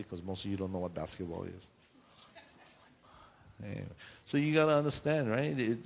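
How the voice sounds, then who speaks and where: Animated male preacher in a reverberant church. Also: medium pitch. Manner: animated preaching, acting out shouted voices, rhetorical questions to the congregation. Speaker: pastor. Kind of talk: sermon. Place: church sanctuary. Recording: long hall reverb in a church.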